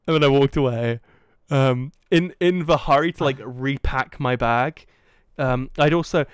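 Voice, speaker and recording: A young man from England hosting a podcast, telling a story in a casual, animated way and acting out the quoted dialogue. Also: fairly high pitch, smooth, no echo, studio quality. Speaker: podcast host.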